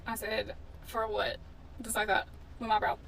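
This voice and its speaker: A woman's voice: medium pitch, completely flat delivery, brisk, vocal fry, a bit bright. A woman in a casual storytime vlog, telling a story in a blunt, indignant way and swearing freely. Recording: distant mic with faint background noise.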